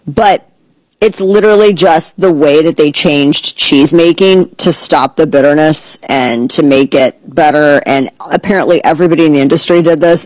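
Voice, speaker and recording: A woman hosting a talk show, ranting in a sarcastic, animated way and slipping into mocking voices. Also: low voice, no room sound, poor audio. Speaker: podcast host. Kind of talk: casual opinion commentary.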